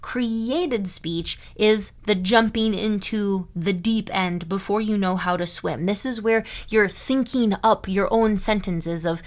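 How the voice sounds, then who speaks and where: A woman's voice: mid-range voice, takes it slowly, few pauses. A young American woman from Iowa teaching a German lesson online, emphatic and often checking in with "okay?" and "right?". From United States (Iowa).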